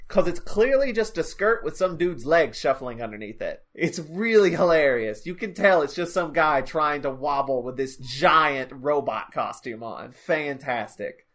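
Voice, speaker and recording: A man in casual podcast chat with a slightly higher-than-average voice. He recaps scenes in an amused, storytelling way. He slips into quick put-on voices when quoting characters. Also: a bit bright. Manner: amused, storytelling, acts out quotes. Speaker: podcast host.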